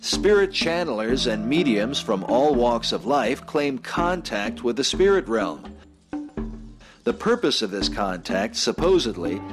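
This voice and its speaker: A man reading a scripted documentary narration in a measured, grave manner. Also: mid-range voice. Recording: voice-over with music behind.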